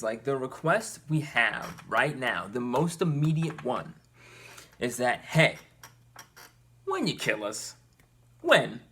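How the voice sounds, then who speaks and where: A young man earnestly talking to his viewers, animated and exasperated, with his pitch climbing when he gets worked up. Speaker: vlogger. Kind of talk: personal commentary to camera.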